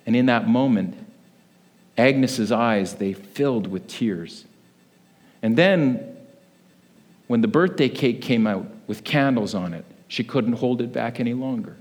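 A man preaching a sermon as a pastor, telling a story with lively acted-out voices. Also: medium pitch, a little slow, pauses often.

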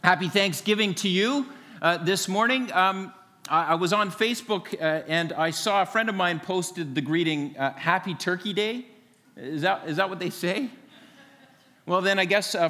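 A man's voice: high-pitched, normal speed, sharp tone. A man preaching a sermon as pastor, friendly and earnest, with many small fillers. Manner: friendly, joking then earnest, filler-heavy. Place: church sanctuary. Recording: long reverb of a large hall.

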